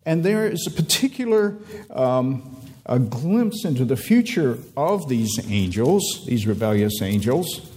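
Male preacher, lively pitch, mellow tone, sermon delivery with drawn-out emphasis. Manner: animated, drawn-out emphasis, reads scripture aloud.

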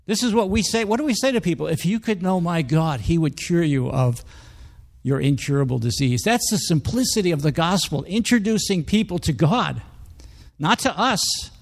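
High-voiced man preaching conversationally. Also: lively intonation, normal speed, creaky. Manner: conversational, emphatic, acts out quoted speech. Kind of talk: sermon, reading scripture aloud.

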